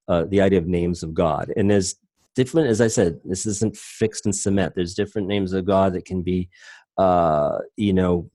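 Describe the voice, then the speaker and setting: A middle-aged man talks through a lesson from his home computer in a deep, warm tone. He rambles and breaks off mid-sentence to fix what he said. The sound is dry and close, with no room echo. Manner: loose, rambling, self-interrupting. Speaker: teacher. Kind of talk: casual online class lecture.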